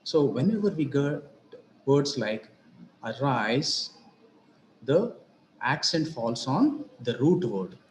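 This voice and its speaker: A man giving a grammar lesson as a teacher, explaining each point deliberately, repeating himself and spelling out examples. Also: medium pitch, big pitch swings, a little mellow, a little hiss or hum. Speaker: English teacher. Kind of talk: slow explanatory grammar lecture. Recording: roomy echo with faint ambience.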